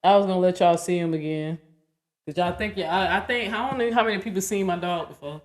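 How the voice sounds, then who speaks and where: Talking quickly in a fairly low voice, this forties-aged livestream host chats casually with her viewers. Along the way, she playfully tries to coax her dog.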